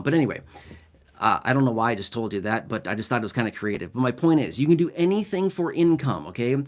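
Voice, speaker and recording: A man hosting a casual explainer, chatty and digressive, often checking in with the listener. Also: mid-range voice. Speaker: YouTube host explaining disability benefits.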